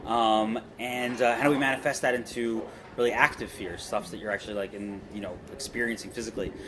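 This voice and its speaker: A man's voice: on the low side, steady tone, fairly quick. Rambling self-deprecating male director. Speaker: film director and co-writer. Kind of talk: casual interview answers. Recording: noisy background ambience.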